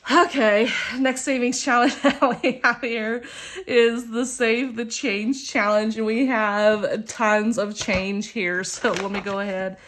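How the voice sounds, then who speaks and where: Slow-talking middle-aged woman, chatty host. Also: fairly high pitch. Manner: chatty and expressive, counting aloud with frequent exclamations. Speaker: budgeting channel host. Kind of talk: casual chat while playing a savings game.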